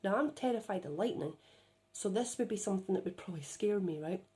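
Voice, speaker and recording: A woman's voice: mid-range voice, lively intonation, fast, dark tone. A woman telling a spiritual experience in a casual, chatty way, often checking in with "right?", recorded on a phone. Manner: chatty, with frequent "right?" tag questions. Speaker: spiritual channeler.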